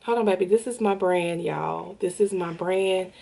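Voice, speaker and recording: A young woman excitedly unboxing and showing her own lash brand in a casual, rambling vlog. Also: fairly low pitch, normal speed, gravelly. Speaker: vlogger launching a lash brand. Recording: roomy and distant with music behind.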